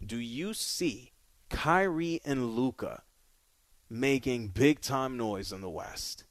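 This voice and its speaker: A man's voice: mid-range voice, no echo. A man hosting a sports talk radio show, delivering an opinionated monologue with emphatic, punchy repetition.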